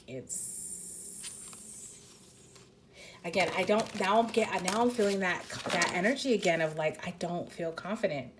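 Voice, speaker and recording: A woman with a somewhat low voice talks through a card reading in a loose, rambling way. She leans on "like" and often second-guesses herself as she goes. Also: noisy background. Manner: rambling, heavy use of "like", tentative. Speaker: tarot card reader. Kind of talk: casual intuitive card reading.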